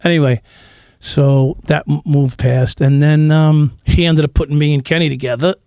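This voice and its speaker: Gravelly New man, blunt and profane. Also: on the high side, fairly even intonation, moderate pace, darkish tone, dry recording, clean studio sound. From New York. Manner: profane, blunt storytelling, acting out quotes. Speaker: interview guest, former police officer. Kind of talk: candid storytelling in a podcast interview.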